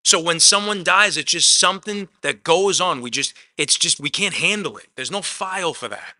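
A male pastor delivers a conversational sermon, his voice very bright and cutting, pitched a little high for a man. He leans hard on some lines and drops almost to a murmur on others, and he keeps slipping a casual "man" into his preaching. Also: normal speed. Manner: swings between loud emphatic lines and soft quiet asides.

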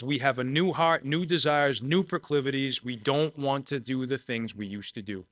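A man's voice: medium pitch, moderate pace, few pauses, fairly bright tone, no room sound. A man preaching a sermon, earnest and personal, repeating phrases for emphasis. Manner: shares personal testimony.

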